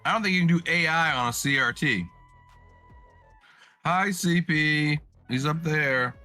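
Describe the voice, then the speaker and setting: Man, bright tense voice, laid-back podcast co-host, casual cursing. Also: on the high side, a little fast, soft background music. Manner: laid-back, swears casually, eats while talking. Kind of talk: casual chat.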